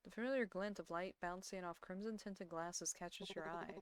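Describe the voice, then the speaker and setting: A woman's voice: on the low side, normal speed, few pauses, crowd noise. Woman streamer narrating a horror game. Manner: dramatic narration broken by giggles and reactions. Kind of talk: reading a horror visual novel aloud. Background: game music.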